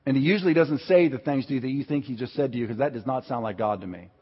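A man preaching a sermon in a lively, conversational way, swinging between loud and soft delivery. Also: medium pitch, racing, slightly rough. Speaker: pastor. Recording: dull sound with long hall reverb.

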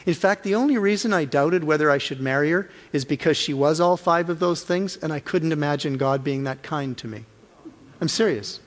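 A male associate pastor preaching a personal testimony, earnest and emotional, with big swings in pitch and force. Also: brisk, in a large hall. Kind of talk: sermon testimony.

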